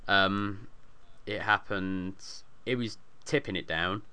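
A man's voice: fairly low pitch, steady tone, slow, bright, forceful tone, smooth. A man co-hosting a podcast in casual chat, joking and laughing often. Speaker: podcast co-host.

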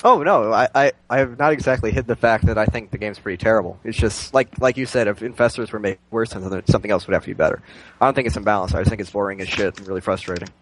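A man's voice: on the low side, fast, a little hiss or hum, poor audio. A man in a casual gaming chat, giving his opinions bluntly with some swearing.

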